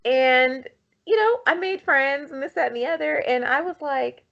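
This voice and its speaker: A podcast co-host in her thirties tells a personal story during casual chat, animated and laughing often as she acts out what people said. Her voice is high and creaky at a normal speed, and the recording sounds muffled.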